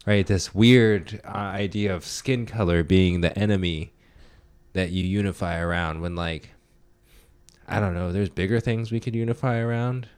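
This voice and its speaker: A man's voice: low voice, fairly even intonation, moderate pace, a little mellow, clean tone, dry recording. A young man hosting a casual podcast chat, swearing freely and often asking "right?". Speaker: podcast host.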